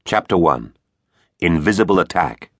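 Deep, animated male narrator for a kids' adventure story, playful and theatrical, dry close studio sound. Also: normal speed, dry recording. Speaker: audiobook narrator. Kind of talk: children's audiobook narration.

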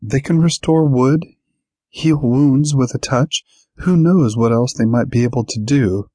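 A man's voice: mid-range voice, a little slow, warm tone, dry recording, voice pushed up, close to an everyday voice. A man voicing a curious, thoughtful male companion in an audiobook. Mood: musing. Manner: musing, inquisitive.

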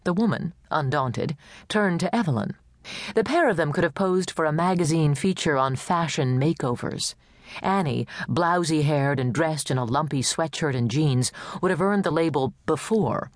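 Woman audiobook narrator, measured and even, low pitch. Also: no echo, clean studio sound. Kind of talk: scripted narration.

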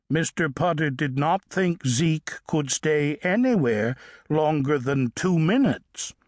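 A man reads a children's story aloud, taking his time and giving words playful emphasis. His voice sits fairly high and moves all over in pitch, and the studio recording is close and dry. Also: no echo. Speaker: audiobook narrator. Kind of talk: children's audiobook narration. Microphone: studio microphone.

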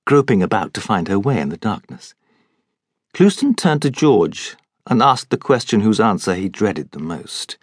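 Brief: measured male storybook narrator, husky tone, dry studio sound. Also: fairly low pitch, very animated, no room sound. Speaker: audiobook narrator. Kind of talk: scripted narration.

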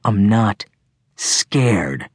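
A nervous teenage boy hiding behind sullen sarcasm, as a male audiobook narrator voices him. His lines come out cold and needling. The voice is husky and dry, with no room sound. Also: lowish voice, expressive, measured pace, darkish tone, dry recording. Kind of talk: audiobook character voice.

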